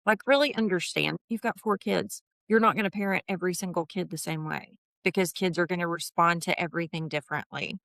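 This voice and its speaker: A woman's voice: lowish voice, brisk, creaky, hardly any pauses, fairly bright tone, dry recording, clean studio sound. A woman in her fifties, a guest in a casual interview, chatting about her HR consulting work and acting out quoted dialogue with laughs. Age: 50s.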